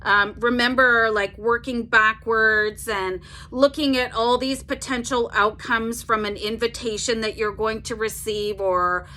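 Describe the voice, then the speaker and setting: A woman giving a casual tarot reading to her audience. Her voice sits a little high and rings bright and forward. She talks in an easygoing, rambling way, leaning on "like" and tagging "okay?" onto her points. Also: fairly even intonation, measured pace, hardly any pauses. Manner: chatty, fills with "like", tags "okay?" on sentences. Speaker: tarot reader.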